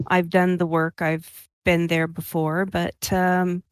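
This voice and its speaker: Woman player in a tabletop game, slow, lowish, dry sound. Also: little pitch movement, smooth, dry recording. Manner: halting with fillers. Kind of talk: describing her character's actions in a tabletop game.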